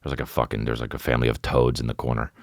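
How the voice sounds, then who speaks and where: A man hosting a podcast, telling a comedic story in a profane, animated way that climbs high as he gets excited. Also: very fast, creaky, no echo, clean studio sound. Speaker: podcast host. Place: podcast studio.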